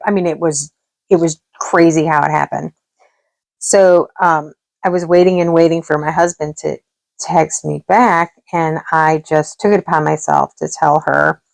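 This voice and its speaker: Low, gravelly-voiced woman chatting casually. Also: a little mellow, no echo. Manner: chatty, rambling, with laughs and quoted dialogue. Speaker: craft vlogger. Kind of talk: casual storytelling while crafting.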